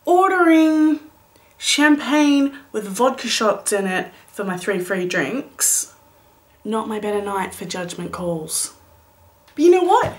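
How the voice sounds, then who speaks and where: A woman in her late twenties telling a comic story in a vlog, animated and playful, with dramatic whispered asides. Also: a little high. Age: late 20s. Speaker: vlogger.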